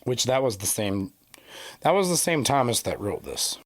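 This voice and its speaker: A man's voice: medium pitch, big pitch swings, moderate pace, no echo, clean studio sound. A man co-hosting a casual podcast, reading scripture passages aloud and then musing and joking about them. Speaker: podcast co-host. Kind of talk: casual religious discussion podcast.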